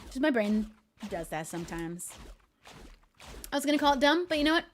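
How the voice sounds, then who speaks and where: A woman's voice: high-pitched, very animated, brisk, a little hiss or hum. Chatty young woman streamer, laughing often. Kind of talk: casual chat.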